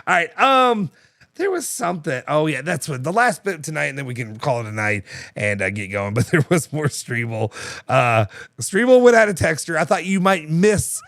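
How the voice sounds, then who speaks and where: A man's voice: a little high, sing-song, normal speed, fairly bright tone, dry recording, clean studio sound. A man hosting a casual live show, rambling with fillers and restarts, reading ads and chatting. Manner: rambling, lots of fillers and restarts, laughs easily. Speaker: show host.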